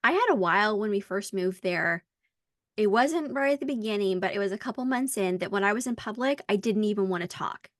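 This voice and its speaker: An American woman hosting a casual podcast conversation, telling stories in a lively way and acting out the dialogue. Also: mid-range voice, a little fast, no echo, clean studio sound. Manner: animated storyteller who acts out dialogue. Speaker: podcast host.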